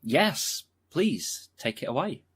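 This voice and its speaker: An actor playing a polite, hesitant film director who keeps apologizing in a comedy sketch. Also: male voice, on the high side, big pitch swings, slow pace, fairly bright tone, husky, full character voice.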